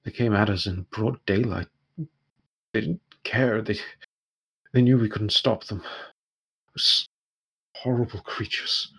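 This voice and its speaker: A man's voice: fairly low pitch, slow pace, pauses often, fairly bright tone, husky, heavily acted. A man voicing a grateful, shaken village man who pleads earnestly and tumbles over his thanks.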